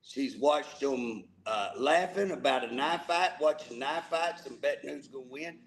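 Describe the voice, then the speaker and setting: A man's voice: mid-range voice, a little slow, a little hiss or hum, poor audio. A man co-hosting a casual political talk show, folksy and emphatic, often repeating words as he starts a thought. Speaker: co-host.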